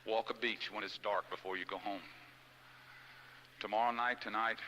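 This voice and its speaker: A middle-aged man speaking to an audience in a folksy, heartfelt style and telling a personal story with feeling. His voice sits on the low side but has a sharp, bright edge. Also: steady tone, normal speed, pauses often, a little hiss or hum, low-quality recording. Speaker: motivational speaker. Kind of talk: motivational speech with personal storytelling.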